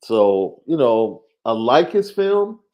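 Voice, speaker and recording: A man co-hosting a casual sports talk show, measured, repeating his points for emphasis. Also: mid-range voice, very animated, highs cut off. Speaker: podcast co-host, recruiting analyst.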